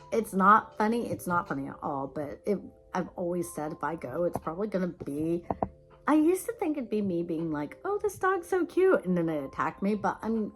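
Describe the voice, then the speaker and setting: A woman vlogger chats casually to camera, spinning rambling stories with lively energy and bursts of laughter. Her voice sits a little on the low side, and soft music plays faintly underneath. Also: rough recording. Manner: rambling, animated storytelling with laughs. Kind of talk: casual chat.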